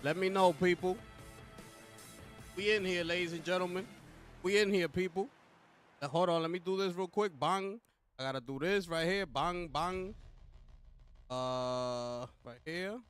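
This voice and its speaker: Young male streamer, high-pitched, hyped slangy chat host, faint music underneath. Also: unhurried, pauses often, clean tone. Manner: hyped, talks straight to chat with repeated slang call-outs. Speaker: livestream host. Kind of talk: casual live co-stream chat.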